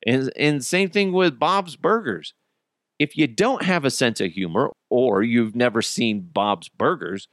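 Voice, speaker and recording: A man's voice: unhurried, no echo, studio quality. A man hosting a casual solo podcast, ranting about movie theaters, swearing and laughing at his own stories. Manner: animated, swearing, laughing at his own stories, acts out bystanders in high voices. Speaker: podcast host.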